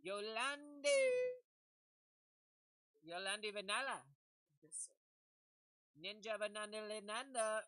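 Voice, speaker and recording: Slow, bright-voiced joking woman. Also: medium pitch, no room sound, rough recording. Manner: jokey, rambling, laughs often. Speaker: comedic commentator. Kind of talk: rambling comedic monologue.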